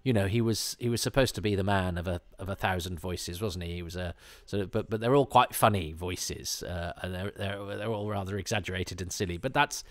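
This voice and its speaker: Man, podcast host, rambling chatty commentary, lowish voice, dry close sound. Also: a little fast, no echo. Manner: rambling, with many restarts and fillers; chatty and amused. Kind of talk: casual episode commentary.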